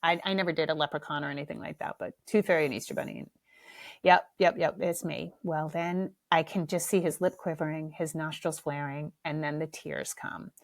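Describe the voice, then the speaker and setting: A middle-aged woman tells a funny family story on her podcast. She talks casually, animated and self-mocking, and swears without a second thought. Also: low voice, fairly quick, few pauses. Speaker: podcast host.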